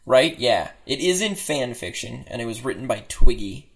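Animated, laughing man on a podcast. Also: mid-range voice, moderate pace, husky. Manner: joking, laughs a lot, animated. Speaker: podcast co-host. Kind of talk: casual podcast chat and reading aloud.

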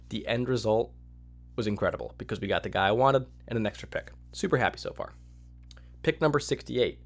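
A man hosting a solo sports podcast, giving opinionated, excitable commentary and acting out his own reactions. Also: on the low side. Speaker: podcast host.

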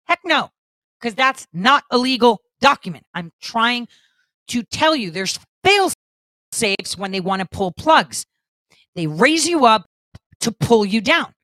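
A woman's voice: on the high side, sharp tone, no echo. Blunt, profane woman commentator. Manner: blunt, profane and emphatic, with many "right?" tags. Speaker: political commentary show host. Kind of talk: casual monologue to viewers.

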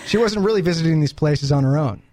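A man's voice: a little high, fast talker, a little mellow, no room sound. A man hosting a morning radio show in a studio, teasing his co-host and cracking jokes. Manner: teasing, joking. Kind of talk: casual morning radio banter. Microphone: studio microphone.

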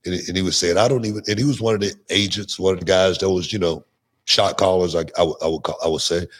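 A middle-aged man with a low, husky voice tells stories as a podcast guest. He is animated and often restarts and repeats his words as he goes. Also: fast talker. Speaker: guest, former wrestler. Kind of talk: casual podcast interview storytelling.

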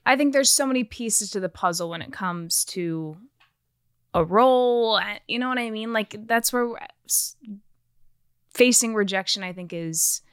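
A woman's voice: mid-range voice, a little slow, clear, resonant tone, dry recording, studio quality. A young adult woman, an actress and former dancer, chatting casually as a podcast guest, filling her talk with "like". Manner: chatty, peppered with "like". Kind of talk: casual interview chat.

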